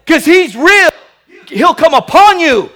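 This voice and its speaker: A male pastor preaching with lots of energy, voice pitched very high and bright. He calls out hallelujah between his lines and laughs as he preaches. The delivery is animated and lively. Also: slow pace. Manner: animated, exclaims hallelujah and man often, laughs while preaching. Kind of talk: lively sermon.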